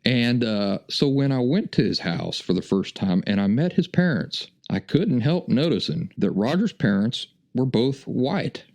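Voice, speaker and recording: A man's voice: medium pitch, very animated, unhurried, hardly any pauses, darkish tone. A middle-aged man hosting a podcast, telling a personal story in a folksy, chuckling, casual way. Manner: folksy, chuckling anecdotal delivery. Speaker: podcast host.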